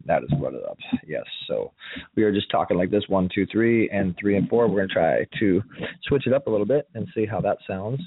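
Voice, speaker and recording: A man's voice: fairly low pitch, brisk, slightly rough, dry recording, narrow, tinny audio. A man hosting his own show, casually testing his desk microphone, joking and counting as he tries settings. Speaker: show host. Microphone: USB desk microphone.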